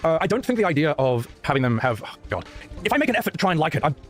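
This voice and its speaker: A male streamer talks at a breakneck pace, opinionated and joking. His pitch swings all over and sits a bit high. Faint music plays behind him. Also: sing-song, rapid-fire. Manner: opinionated, joking, prone to rants. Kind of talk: casual gaming chat.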